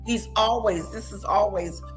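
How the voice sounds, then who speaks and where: A woman's voice: medium pitch, measured pace, soft background music, low-quality recording. A woman hosting a live stream, giving casual commentary and repeating her points for emphasis.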